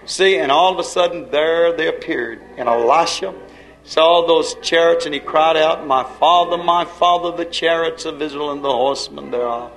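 A man's voice: a little high, moderate pace. A man preaching and praying at a live church service, urging the congregation in fervent call-and-response. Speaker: preacher leading worship. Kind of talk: revival sermon and prayer. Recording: echoey hall, loud music behind.

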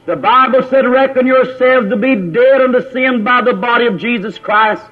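A man with an extremely high-pitched voice preaches a sermon at normal speed, repeating his points, questioning the congregation and calling on brothers by name. The recording sounds tinny and lo-fi, like a phone.

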